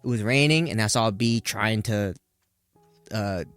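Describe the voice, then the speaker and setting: A man's voice: fairly low pitch, measured pace, a bit bright, no room sound, soft background music. Brash, laughing male podcast host. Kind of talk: casual chat.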